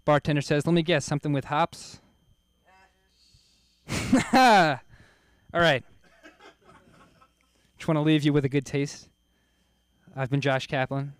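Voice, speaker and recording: A man's voice: a little high, takes it slowly, pauses often, clean tone, dry recording. A man doing a loose, self-mocking stand-up set on a comedy club stage, laughing at his own jokes.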